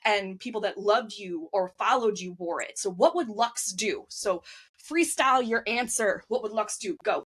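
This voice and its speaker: A woman hosting a podcast, asking playful, teasing quick-fire questions. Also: medium pitch, a bit bright, breathy edge. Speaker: podcast host.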